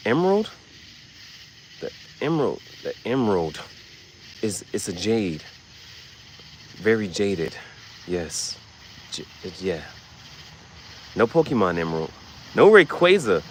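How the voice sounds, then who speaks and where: A man hosting a livestream, giving casual, rambling, slangy commentary with sudden loud, excited bursts. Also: sits low, slow, pauses often, a little hiss or hum, rough recording. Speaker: livestream host.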